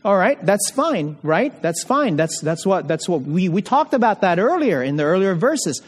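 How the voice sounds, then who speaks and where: A man's voice: high voice, sing-song, normal speed. Emphatic male preacher in a reverberant hall. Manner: emphatic, repeats key phrases, asks the room questions. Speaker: pastor. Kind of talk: expository sermon with questions to the congregation.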